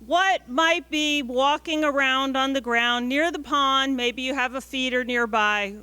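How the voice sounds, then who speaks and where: A woman's voice: sits high, unhurried, hardly any pauses, pushed and bright, clean tone, dry recording. A woman presenter leading a family class, enthusiastically coaxing the audience to repeat bird calls.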